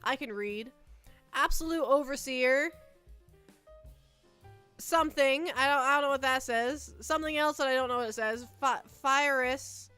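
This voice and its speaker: A woman's voice: sits high, normal speed, hardly any pauses, sharp tone, clear, resonant tone, faint music behind. A young woman streaming, chatting casually and rambling, often stammering and repeating herself, squealing with delight when she thanks her viewers. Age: young adult. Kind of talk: casual livestream chat.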